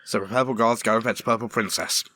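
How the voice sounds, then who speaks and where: Middle-aged male co-host spinning a silly story, bright tone, dry recording. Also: on the low side, steady tone, fast, dry recording. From Britain. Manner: repetitive shaggy-dog joke telling, laughing through lines. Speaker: podcast co-host. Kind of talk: comic storytelling among friends. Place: garage.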